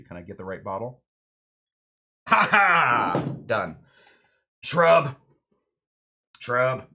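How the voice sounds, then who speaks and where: A man hosts a casual cocktail show with a playful, jokey manner. He rambles into asides while he works through a recipe. His voice sits at an ordinary middle pitch. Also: sharp tone. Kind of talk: casual chat while mixing drinks.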